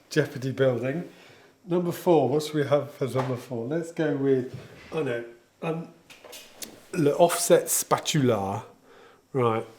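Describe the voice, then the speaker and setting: A man with a mid-pitched voice talks through his baking tools in a home kitchen. He is chatty and jokey, and he demonstrates each item with easy enthusiasm. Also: darkish tone, a little hiss or hum. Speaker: home baker showing equipment. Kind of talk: casual product demonstration.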